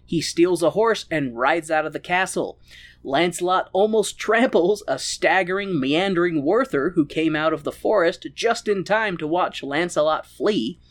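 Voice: medium pitch, measured pace. A podcast host recapping a story in an irreverent, comedic way with frequent laughter.

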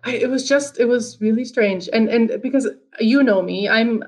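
A woman's voice: on the high side, moderate pace, low-quality recording. A woman from Finland telling a personal story as an interview guest, earnest, with frequent restarts and fillers.

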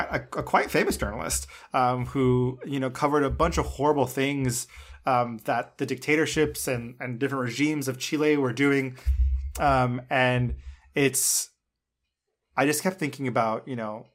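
A man co-hosting a film review podcast, talking in an effusive, casual way with lots of filler words. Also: mid-range voice. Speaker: podcast co-host.

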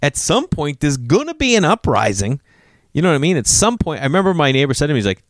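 A man's voice: on the high side, quick pace, no room sound, clean studio sound. A man telling a story in casual talk, swearing freely and acting out what people said. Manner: animated, profane, acts out quotes.

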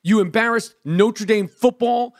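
High-voiced man ranting, dry sound. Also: unhurried, no room sound. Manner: heated, ranting, profane. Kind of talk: casual profane chat.

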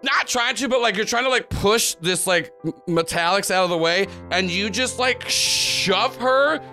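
A man runs a tabletop game as game master, narrating in a loose, rambling way full of fillers. His voice is high for a man and bright. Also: a little slow, soft background music.

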